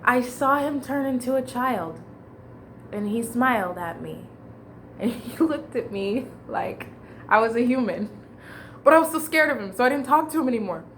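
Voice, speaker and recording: A woman's voice: on the high side, expressive, moderate pace, a bit bright, a little hiss or hum. A woman telling a long personal story in a casual, rambling way, with fillers and restarts.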